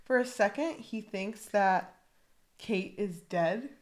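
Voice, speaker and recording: A woman's voice: mid-range voice, lively intonation, slow pace, darkish tone. A woman co-hosting a podcast, swearing freely and acting out quotes in casual book chat. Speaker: podcast co-host.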